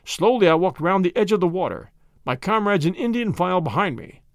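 A man reading a first-person story aloud with measured, dramatic delivery. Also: high voice, very animated, no echo, studio quality. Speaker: audiobook reader.

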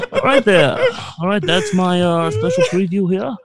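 A man's voice: sits high, wildly swooping pitch, unhurried, over loud music, exaggerated voice. A man voicing a rambling, self-promoting guest who tacks "okay" onto every phrase and croons bits of songs. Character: rambling gravelly man plugging a late-night show. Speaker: comedy bit guest.

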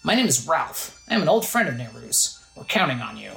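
A woman reading a boastful, protective young male wizard from a video game in her own low voice. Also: big pitch swings, normal speed, vocal fry, a bit bright, echoey room, faint music behind, exaggerated voice, poor audio.

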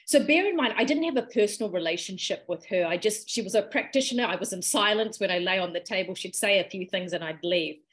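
A woman, a podcast guest telling a personal healing story in a lively, emotional way and acting out quoted dialogue. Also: mid-range voice, fast, hardly any pauses. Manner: animated, emotional retelling with quoted dialogue and laughs.

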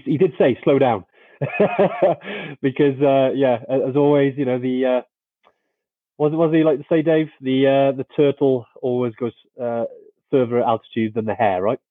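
Man, co-host, relaxed friendly live chat, tinny phone-like sound, dry. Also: mid-range voice, dry recording. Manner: friendly, laid-back, many fillers. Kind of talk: casual live-stream chat.

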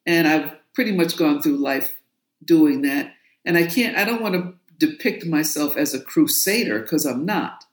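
A woman's voice: low-pitched, expressive, moderate pace. A woman from New York, an author and guest in an interview, telling her story in a forthright, emphatic way. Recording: roomy echo.

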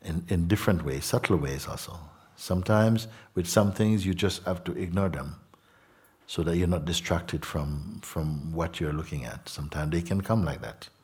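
A man's voice: low voice, a little mellow, breathy edge. A man giving a spiritual talk to a gathering, reflective, often adding "no?" and "hmm?". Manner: slow, reflective, tag questions like "no?" and "hmm?". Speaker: spiritual teacher. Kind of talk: satsang talk.

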